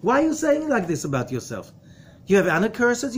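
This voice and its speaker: Male rabbi-teacher, a touch high-pitched, emphatic lecturer who questions the room and hushes for warnings. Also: huge pitch swings, brisk, slight background noise. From from outside America. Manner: emphatic, full of rhetorical questions; drops to a low, quiet voice for warnings. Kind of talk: lecture to a study group.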